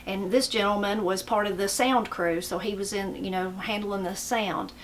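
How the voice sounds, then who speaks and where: There's a bit of hiss or hum as a medium-pitched woman speaks at a normal speed. She's middle-aged, hails from the western North Carolina mountains with an Appalachian accent, and tells stories casually in a folksy, rambling manner, turning animated when quoting.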